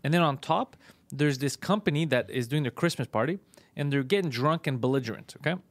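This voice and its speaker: A man casually telling a story on a podcast, fast, profane and animated. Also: a little high, dry recording. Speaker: podcast host, comedian.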